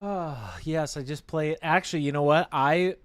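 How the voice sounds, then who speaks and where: A man chatting on a miniature painting livestream, joking and laughing between lines. His voice sits a bit high, and it comes across dry and close. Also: moderate pace, no room sound. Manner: teasing, animated, laughs often, mock announcer bits. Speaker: livestream co-host. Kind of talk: casual banter on a painting livestream.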